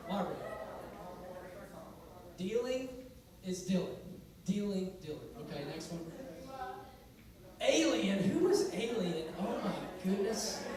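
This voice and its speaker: A young man speaking as a youth speaker, talking casually and playfully to a live audience in a large hall. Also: very high voice. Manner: playful and joking. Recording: echoey hall from far off with audience.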